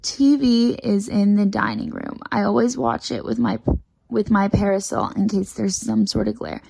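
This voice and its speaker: A woman reads a children's storybook aloud with a heavily gravelly, fry-laden voice. She tells it lively in the first person, like a chatty, bossy little girl. The sound is close and dry, with no room around it. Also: mid-range voice, normal speed, no room sound, rough recording. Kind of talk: reading a picture book aloud.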